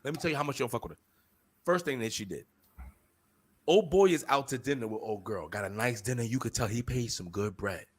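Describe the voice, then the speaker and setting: A man's voice: mid-range voice, fast talker. A young man co-hosting a podcast, telling a story in casual, profane chat and acting out the people in it. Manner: animated, profane, acts out quoted people. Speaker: podcast co-host.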